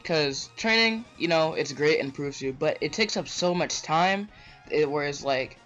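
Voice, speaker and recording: A man's voice: fairly high pitch, expressive, normal speed, a bit bright. Rambling young-sounding man saying "bro". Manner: rambling, repeats "bro" and "right?". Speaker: vlogger. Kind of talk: casual rant to camera. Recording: dull lo-fi mic with faint music.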